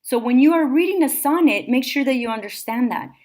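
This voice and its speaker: Woman teacher, slightly high voice, steady methodical lecture delivery. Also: a little fast. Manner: clear, methodical, steady explaining. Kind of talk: recorded classroom lecture notes.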